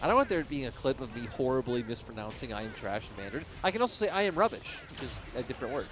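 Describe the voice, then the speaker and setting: A man's voice: medium pitch, sing-song, racing. A man from the United States casting an esports match in playful, laughing banter with a co-caster. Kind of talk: casual esports commentary. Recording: music bed behind.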